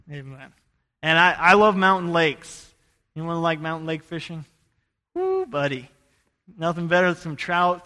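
A man from Idaho preaching a sermon, telling a personal story in an earnest voice that rises to loud, urgent bursts. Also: a little high, in a large hall.

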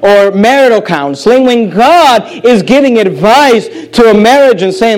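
A man preaching a sermon as pastor, emphatic, repeating phrases and dropping low to stress key words. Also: animated, moderate pace, few pauses, poor audio. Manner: emphatic preacher with sharp pitch drops and repetitions.

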